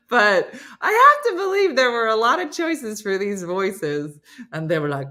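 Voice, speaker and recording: A woman's voice: fairly high pitch, big pitch swings, measured pace, pushed and bright. A middle-aged woman hosting a casual live chat, laughing and reading out viewers' comments. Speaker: host.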